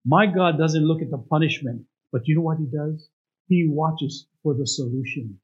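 A man's voice: on the high side, normal speed, breathy edge. A man preaching a storytelling sermon as pastor, often asking the congregation rhetorical questions. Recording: dull lo-fi recording.

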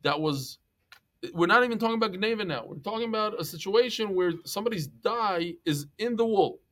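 A man teaching a Talmud class, lively and joking as he tells stories and mixes in Hebrew and Yiddish terms. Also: high-pitched, brisk.

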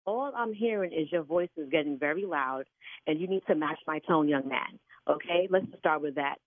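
A woman's voice: deep voice, moderate pace, no echo. Stern older woman on a tinny phone line. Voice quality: stern and preachy. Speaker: church sign-language interpreter. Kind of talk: phone call.

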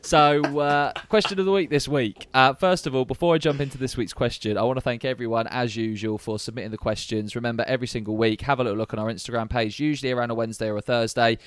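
A man's voice: mid-range voice, steady tone, fast talker, few pauses, clean tone, no room sound. A man co-hosting a podcast, chatting casually and rambling a little with fillers. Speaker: podcast co-host. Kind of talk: casual chat.

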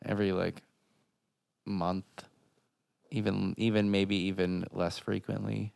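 A man's voice: low-pitched, level tone, takes it slowly, gravelly, darkish tone, clean tone, no room sound. A man co-hosting a podcast in casual chat, rambling with many filler words. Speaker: podcast co-host.

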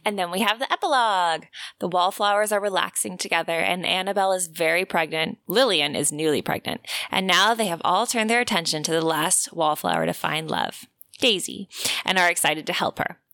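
A woman with a low, vocal-fry voice co-hosts a book podcast and walks through a novel's plot in a relaxed way. She reads quoted passages aloud as she goes. The sound is close and dry, with no room around her. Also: fairly quick, dry recording. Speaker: podcast co-host. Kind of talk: casual book-summary podcast.

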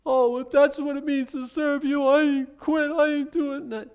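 A man putting on a whiny high quitter's voice. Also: level tone, normal speed, dull audio.

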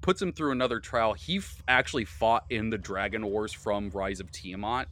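A man hosting a podcast, recapping a tabletop game he ran, animated and swearing freely. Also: lowish voice, moderate pace. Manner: animated, swearing, frequent laughter. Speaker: podcast host and game master.

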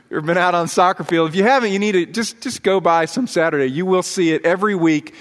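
Guy preaching in church, kinda high voice, chatty storytelling sermon, big echoey hall. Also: a bit bright. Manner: earnest, conversational preaching with anecdotes. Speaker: pastor. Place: church sanctuary. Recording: long hall reverb in a church.

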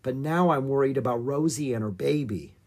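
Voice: moderate pace, close to an everyday voice. A storybook reader voicing an eager, curious young girl who coos and exclaims. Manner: high, excited and cooing.

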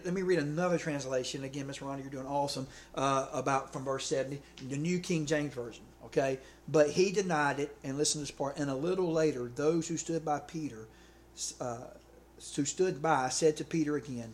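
A man's voice: on the high side, a little hiss or hum. A man preaching a sermon in a conversational way, often checking in with his listeners. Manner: conversational, checks in with "okay" and "right".

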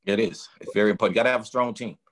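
A man's voice: mid-range voice, sing-song, racing, vocal fry, fairly bright tone. A man who coaches boxers, talking casually in an interview and explaining his work through emphatic, vivid analogies. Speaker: strength and conditioning coach for boxers.

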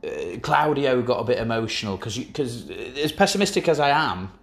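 A man hosts a relaxed chat about football and teases his co-host in a dry way. His voice sits at an ordinary middle pitch. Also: fairly quick, gravelly. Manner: dry teasing banter. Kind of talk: casual chat.

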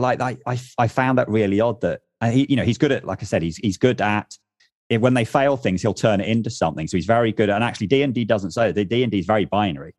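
A man's voice: fairly low pitch, no echo, studio quality. A man chatting casually about tabletop games, rambling and correcting himself as he goes. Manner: rambling, self-correcting, animated.

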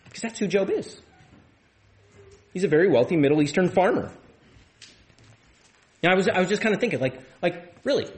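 A man's voice: high-pitched, expressive, a little fast, long pauses. Man preaching a conversational sermon. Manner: conversational, repeats words and restarts often. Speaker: pastor. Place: church.

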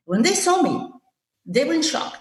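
Interviewed about her time as a government negotiator, an older woman tells a halting, filler-heavy story that livens up when she describes anger. Her high voice is recorded from a distance in an echoey room.

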